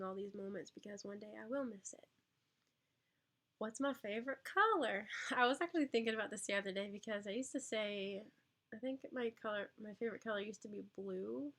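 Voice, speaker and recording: With a mid-range, slightly bright voice, a young mother who vlogs fields viewer questions on a casual live stream. Chatty and full of ums and little laughs, she also talks to her baby.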